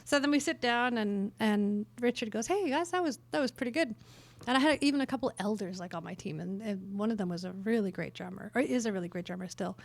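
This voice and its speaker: A woman's voice: mid-range voice, fast, gravelly, few pauses. Middle-aged Canadian woman telling stories. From northern Canada. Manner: lively, self-mocking humor, many fillers. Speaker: workshop speaker on worship. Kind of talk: storytelling in a conference talk. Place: conference workshop room.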